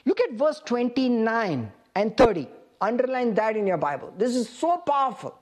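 A woman's voice: fairly high pitch, very animated, normal speed, darkish tone. A woman preaching a sermon, reading scripture aloud and asking the congregation questions.

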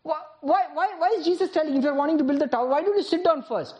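A woman preaches a sermon, firing rhetorical questions at the congregation, calling on people by name and laughing often between points. Her voice is high-pitched and a little mellow, and she speaks at a quick pace.

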